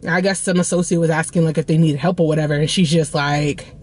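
A woman's voice: low voice, steady tone, fast talker, darkish tone. A woman vlogging casually from her car into a phone, chatty and rambling, calling her viewers y'all. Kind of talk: casual vlog chat.

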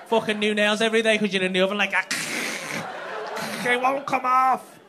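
A man's voice: high voice, normal speed. A male stand-up comedian doing brash, profane crowd work on a comedy club stage with a handheld mic. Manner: brash, profane teasing banter. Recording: live club recording with background noise.

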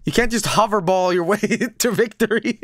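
A man streaming a game, giving casual, excitable commentary with frequent swearing and laughter. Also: sits high, moderate pace, no room sound. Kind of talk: casual let's-play commentary.

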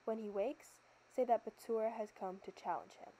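A woman's voice: on the high side, steady tone, normal speed, warm tone, close to an everyday voice, low-quality recording. A woman voicing a bold, clever young male hero while reading a storybook tale. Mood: proud. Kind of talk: storybook narration.

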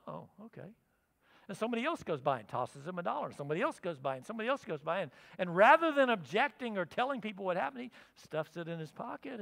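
A man preaching a sermon as pastor, telling the story with lively acted-out quotes. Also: high voice, vocal fry. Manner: animated storytelling, acting out quotes. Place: church sanctuary. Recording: long reverb of a church hall.

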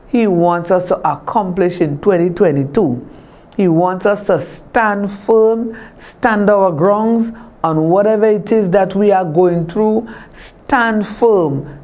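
A woman's voice: medium pitch, takes it slowly, dark tone. A middle-aged woman minister, preaching a televised sermon with a declaring, repetitive cadence. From Trinidad and Tobago.

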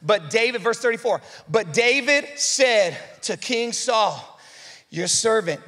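A male pastor delivers a sermon with a bright, high, forceful voice. He talks to the congregation directly and conversationally, then builds to fervent, emphatic exhortation. The sound carries a long reverb from the church hall. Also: expressive, takes it slowly.

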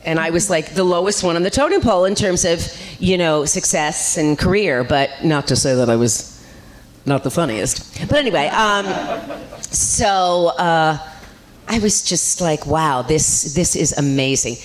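Woman, low voice, chatty rambling storyteller, convention panel guest. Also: lively intonation, measured pace, slight background noise.

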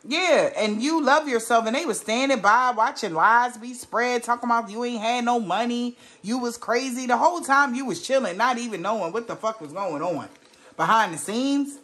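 A woman's voice: on the high side, moderate pace, a bit bright. Blunt, swearing woman reading tarot. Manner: blunt, profane and emphatic; rhetorical questions to the viewer. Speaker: tarot reader.

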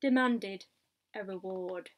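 A woman reading a picture book aloud, in a steady diary style with asides to the listener. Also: medium pitch, slow pace. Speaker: storybook reader.

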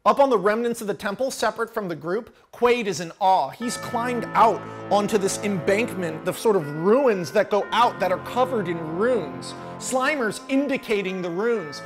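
A man casually telling a film pitch as a story, animated and profane, swinging from mutters to shouts. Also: normal speed, hardly any pauses, over music. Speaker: channel host, screenwriter.

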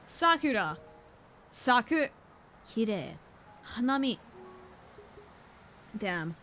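A woman's voice: a little high, a bit bright, slight background noise. A woman streaming a game, chatting playfully, joking at herself and laughing often. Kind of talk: casual game-stream commentary.

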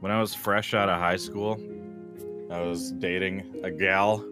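A man's voice: low-pitched, level tone, measured pace. Man telling rambling stories over game music. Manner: rambling storyteller, giggly. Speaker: co-streamer. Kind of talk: casual gaming-stream chat.

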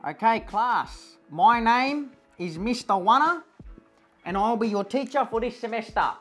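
A woman's voice: on the high side, expressive, unhurried, fairly bright tone, faint music behind. A woman playing a rowdy male eshay schoolteacher in a comedy sketch, with an Australian accent, brash and slangy, tacking "bruh" and "lad" onto her lines. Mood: cocky.

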